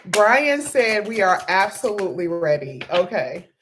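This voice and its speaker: A woman's voice: medium pitch, sing-song, a little slow, background noise. Just-woke-up lady doing a live tarot stream, chatty, says hi to everyone by name. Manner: chatty, greets viewers by name. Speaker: tarot reader.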